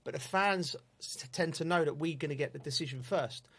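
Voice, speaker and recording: A man, a football pundit and co-host telling stories in lively casual chat, laughing often and acting out exchanges. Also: a little high, fairly quick, slightly rough. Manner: animated storyteller, laughs often, acts out exchanges.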